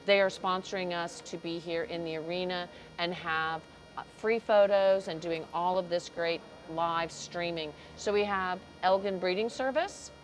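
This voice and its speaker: A woman's voice: on the low side, measured pace, soft background music, low-quality recording. A woman commentating a cattle show livestream in an arena, chatting, greeting viewers and stumbling over names. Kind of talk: live commentary.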